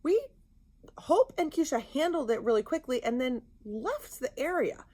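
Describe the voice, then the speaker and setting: A woman co-hosting a podcast, telling a story in casual chat, animated and indignant. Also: sits high, normal speed. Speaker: podcast co-host.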